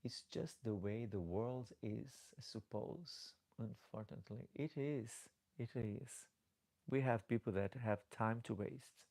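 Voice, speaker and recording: A man's voice: fairly low pitch, unhurried, gravelly, a little mellow. A man hosting a casual live stream as a drag performer, chatty and affectionate, who calls his viewers darlings and often repeats and restarts words as he reads their comments aloud.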